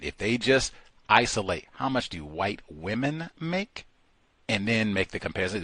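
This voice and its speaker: Animated man mocking in commentary. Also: fairly low pitch, unhurried, no room sound. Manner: lively, mocking, acts out voices in his own telling. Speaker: co-host of a call-in talk show.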